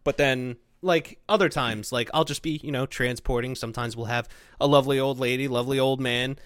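A man co-hosting a podcast in casual chat, an animated storyteller who swears freely and mimics people in high voices. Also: fairly quick, dry recording, studio quality. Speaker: podcast co-host.

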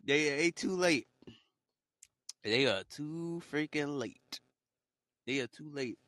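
Bright, dry-voiced man riffing casually. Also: on the high side, expressive, slow, no room sound. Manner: rambling, joking, laughs often, mocks haters in put-on voices. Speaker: podcast host. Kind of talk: casual motivational monologue.

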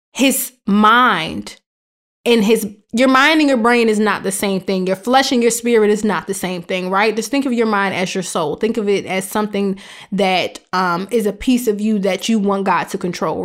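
A young adult woman hosting a faith podcast, talking in an earnest, conversational and emphatic way. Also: mid-range voice. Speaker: podcast host.

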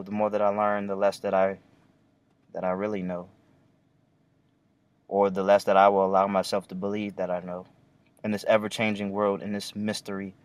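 Guy rambling philosophy outside, deep-ish monotone, laid back with the odd curse word. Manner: reflective, unhurried, casually profane. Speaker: vlogger. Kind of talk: philosophical monologue. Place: outdoors among trees.

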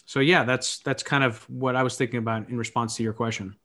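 Male podcast guest, mid-pitch, reflective thinker, talks ideas through out loud. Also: fairly even intonation, fairly quick. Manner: musing, philosophical, thinks aloud. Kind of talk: reflective conversational talk.

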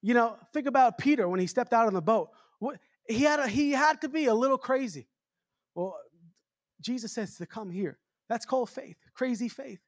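A man preaching a revival sermon, firing off repeated rhetorical questions and building up to shouts. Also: very high voice, no room sound, studio quality.

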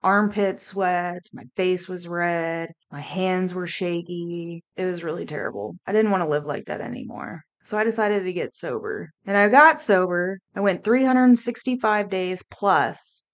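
A woman hosting a podcast, candidly and reflectively telling a personal story in a relaxed, conversational way. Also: fairly low pitch, a little slow, hardly any pauses. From Kansas City area. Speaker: podcast host.

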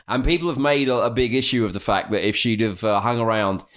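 A man co-hosting a casual comedy chat, wry and animated, acting out quotes as he goes. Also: on the low side, fast. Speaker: podcast co-host.

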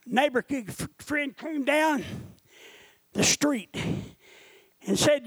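A man preaching a sermon, telling his own story and rising into impassioned shouting. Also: very high-pitched, very slow, pauses often, dry recording.

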